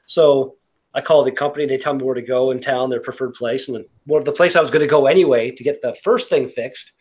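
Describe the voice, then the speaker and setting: A man's voice: mid-range voice, quick pace. Rambling Canadian man telling a story. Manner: relaxed, rambling, profane anecdote. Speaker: beer review podcast regular. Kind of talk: casual storytelling among friends.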